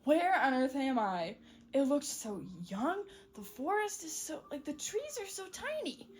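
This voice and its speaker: A woman's voice: high-pitched, very animated, a little slow, a little hiss or hum. A woman voicing a bewildered young male cat seer who is confused and startled. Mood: amazed.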